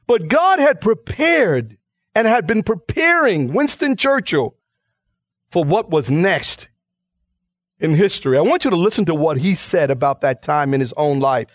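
A man's voice: a little high, big pitch swings, unhurried, no echo, clean studio sound. A male pastor preaching a radio sermon in an emphatic, dramatic way, acting out the lines he quotes.

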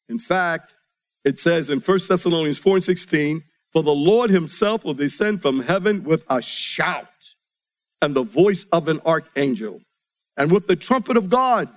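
A man with a high, light voice delivers a sermon to a congregation in church. He reads scripture aloud and preaches with sudden swings, dropping low and soft, then climbing again for emphasis.

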